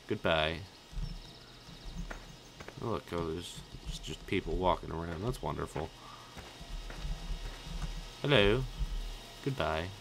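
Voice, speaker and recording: A man giving excitable, jokey, profane commentary while playing a game. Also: low-pitched, vocal fry, slight background noise. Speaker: let's play host. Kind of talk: gameplay commentary.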